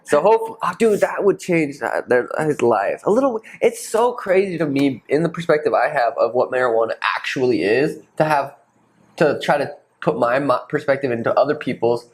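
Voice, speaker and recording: A man in his twenties hosting a casual podcast chat, loose and profane, often slipping into animated impressions. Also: mid-range voice, a little fast, low-quality recording. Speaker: podcast host, fighter.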